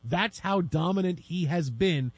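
A man hosting a sports chat show, telling jokey stories in a casual, animated way. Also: sits high, a little slow, dry recording. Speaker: sports podcast host.

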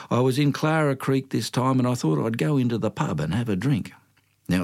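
A man's voice: medium pitch, darkish tone. Older Australian man spinning a yarn. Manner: folksy, drawn-out bush slang, dramatic asides. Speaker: storyteller. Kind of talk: spoken yarn-telling.

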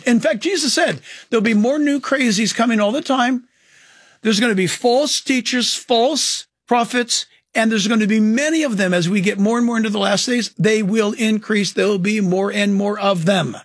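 A man's voice: high voice, no echo, clean studio sound. A man preaching a sermon, blunt and emphatic, asking rhetorical questions and answering them himself. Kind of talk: sermon critiquing teachers.

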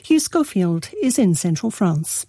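Woman newsreader, mellow dark voice, dry close mic, steady formal read. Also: on the low side, measured pace, husky, dry recording. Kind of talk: read news bulletin.

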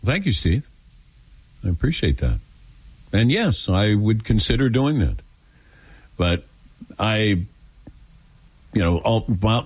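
A man's voice: fairly low pitch, dry recording. An older man hosting a call-in radio show, telling stories and acting out quoted voices in casual chat. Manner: animated storytelling, acts out quoted voices. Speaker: radio talk show host.

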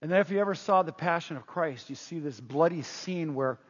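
A man's voice: fairly high pitch, fairly quick, slightly rough. A male preacher giving a sermon, telling stories animatedly and often stumbling over repeated words. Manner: animated storytelling, acts out scenes, frequent stammered restarts. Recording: muffled, long hall reverb.

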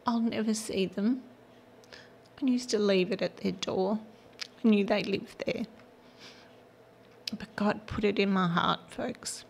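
Older woman, gospel radio host; slow, gravelly, earnest and emotional delivery. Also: medium pitch, steady tone, darkish tone, slight background noise. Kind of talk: radio devotional talk.

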